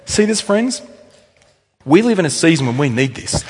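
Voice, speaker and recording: A man's voice: fairly high pitch, sing-song, normal speed, long pauses, breathy edge. A man preaching a sermon as pastor, conversational with wry asides and emphatic repetition. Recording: long hall reverb.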